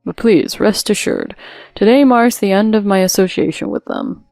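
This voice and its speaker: A woman's voice: medium pitch, wildly swooping pitch, normal speed, creaky, no room sound. A woman voicing a composed, polite young groom who stands firm. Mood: resolute. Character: calm, resolute young groom. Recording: dry with soft music behind.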